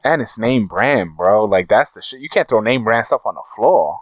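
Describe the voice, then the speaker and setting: A man's voice: fairly low pitch, expressive, normal speed, no room sound, dull audio. A man co-hosting a casual podcast, swearing freely and acting out the quotes in his stories. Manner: profane, storytelling, acts out quotes. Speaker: podcast co-host.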